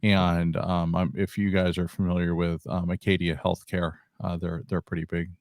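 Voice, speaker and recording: A man with a very deep voice hosts a casual talk. He chats loosely with plenty of fillers. The sound is close and dry. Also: little pitch movement, moderate pace, a little mellow, no echo. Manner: conversational, many "like" and "you know" fillers. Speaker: host. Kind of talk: casual interview chat.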